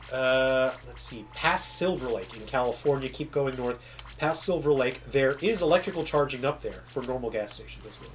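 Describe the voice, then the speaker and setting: A man's voice: fairly high pitch, a little hiss or hum. A man who is a game developer, chatting casually with viewers on a livestream and trailing off and restarting mid-sentence, with a faint Southern American accent. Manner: rambling, self-interrupting storyteller.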